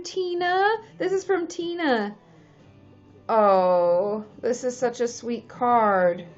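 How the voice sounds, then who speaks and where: A woman's voice: mid-range voice, dull audio. A woman from Washington State, a therapist chatting casually on a livestream, answering viewers and reading their names aloud.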